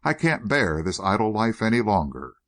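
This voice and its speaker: An impulsive nineteen-year-old, as a man acts him out, straining against his elders in urgent, pleading bursts. The voice runs low but leaps around with agitation. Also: sing-song, normal speed, fairly bright tone.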